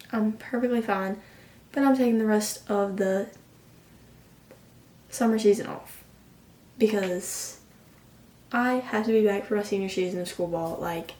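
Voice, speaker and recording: A woman's voice: mid-range voice, warm tone. A young woman in her late teens telling a personal story in an emotional, rambling way, full of "like". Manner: emotional, rambling, heavy use of "like". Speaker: vlogger. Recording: roomy sound from a distant mic.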